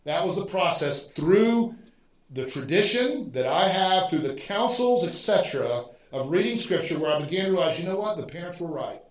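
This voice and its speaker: Pastor, male, animated teaching style with restarts; a bit high-pitched, roomy echo. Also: normal speed. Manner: thinking aloud with restarts, animated emphasis. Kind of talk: teaching sermon.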